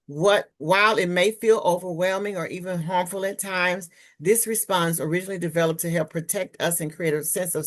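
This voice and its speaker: A woman presenting on trauma healing in a webinar, speaking candidly and personally from her own experience over a video call. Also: fairly low pitch.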